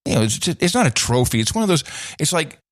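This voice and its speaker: A middle-aged man co-hosting a podcast, telling stories in lively casual chat with many restarts. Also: on the high side, quick pace, no echo, studio quality. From Netherlands. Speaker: podcast co-host.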